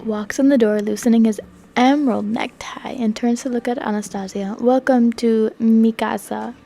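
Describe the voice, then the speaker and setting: A young woman narrating a story in soft ASMR whispers. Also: on the high side, moderate pace. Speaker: ASMR creator.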